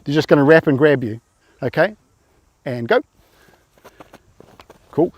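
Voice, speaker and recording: A man's voice: on the high side, unhurried, dry recording, highs cut off. A man coaching rugby players through tackle drills, informal and encouraging, often quizzing them.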